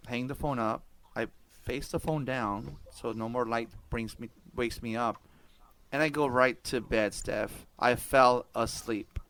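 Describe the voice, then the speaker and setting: A man hosting a podcast, telling stories casually with laughs and easy swearing. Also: mid-range voice. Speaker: podcast host. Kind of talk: casual conversation.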